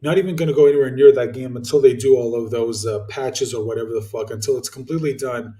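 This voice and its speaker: A young YouTuber rants to his viewers in a casual vlog, replying to their comments in a blunt, rambling way full of swearing, filler words and restarted sentences. His mid-range voice is mellow and dark, and he talks fast. He sits some distance from the mic in a room with a noticeable echo.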